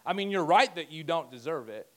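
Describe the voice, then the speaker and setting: A man's voice: on the high side, expressive, fairly quick. A man preaching a conversational sermon as pastor, joking and talking asides to himself.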